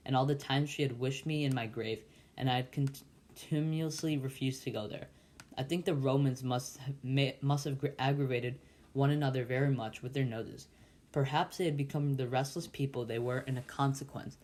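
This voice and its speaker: A man reading a classic novel aloud as a volunteer, halting and often stumbling and restarting words. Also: mid-range voice, a little mellow. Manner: halting, with frequent slips and restarts. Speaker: volunteer reader.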